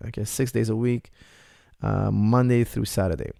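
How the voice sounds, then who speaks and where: A man's voice: lowish voice, steady tone, moderate pace, vocal fry, mellow, dry recording, clean studio sound. A man, an MMA coach, answering viewer questions in a casual live chat, repeating points for emphasis.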